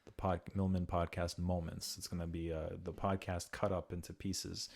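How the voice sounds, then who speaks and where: A man's voice: deep voice, little pitch movement, moderate pace, a little mellow. A man hosting a podcast, chatting casually and profanely, acting out quoted voices as he talks. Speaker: podcast host.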